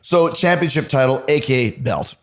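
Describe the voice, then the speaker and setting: A man hosting a podcast, telling lively anecdotes in casual chat, swearing now and then. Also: medium pitch, normal speed. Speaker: podcast host.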